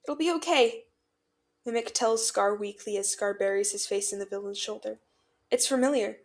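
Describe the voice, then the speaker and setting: A woman reading fanfiction aloud as narrator in an expressive, dramatic way. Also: mid-range voice, fairly quick. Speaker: fanfiction podcast reader.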